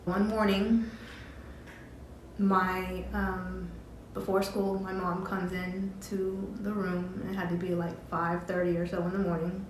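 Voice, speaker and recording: A woman telling a personal story on her vlog, halting and restarting often with filler words. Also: lowish voice, flat delivery. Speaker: vlogger. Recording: very echoey room, faint background hum. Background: cat drinking from water fountain.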